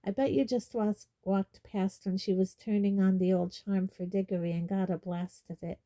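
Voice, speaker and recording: A shy, awkward teenage boy, as a woman reader puts him on, halting and flat in his replies. The tone stays very dark and mellow. A storybook reading. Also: mid-range voice, lightly acted. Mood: dull. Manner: halting, dull and flat when let down.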